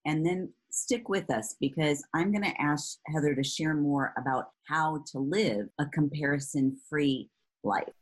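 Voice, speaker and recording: A woman's voice: low voice, measured pace, husky. A woman hosting a Christian talk show, speaking directly to listeners before a break. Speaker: host.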